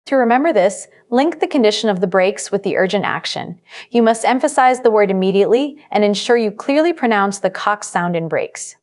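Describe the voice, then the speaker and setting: A woman gives a scripted English test-prep lesson. Her voice is mid-pitched and even. She speaks in a clear, measured, instructive way.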